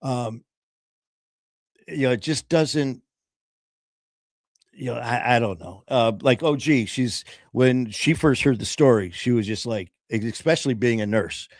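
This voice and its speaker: An earnest man tells his own story in casual talk, pausing and restarting as he goes. His voice sits in a middle register and is recorded with a dry, close sound. He voices the people he quotes in his own voice. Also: mid-range voice, no room sound. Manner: earnest, halting, often pausing with "um".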